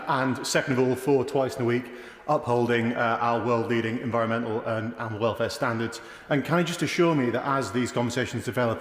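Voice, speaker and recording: Male MP asking a friendly question. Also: medium pitch. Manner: friendly, halting question with fillers. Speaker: member of parliament. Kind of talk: parliamentary question. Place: debating chamber. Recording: echoey chamber with long reverb.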